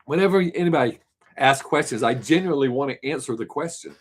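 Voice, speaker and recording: A man's voice: medium pitch, lively intonation, fast, breathy edge. A man hosting a live stream, chatting casually through viewer questions and thinking aloud as he goes off on tangents. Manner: rambling, thinks aloud, trails off.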